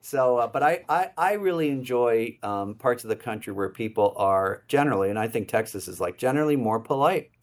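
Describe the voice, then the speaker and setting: A man's voice: mid-range voice, expressive, a little fast, few pauses. Chatty male Jesuit priest guest. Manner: chatty, rambling with frequent "you know"; laughs easily while talking. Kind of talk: casual conversational interview.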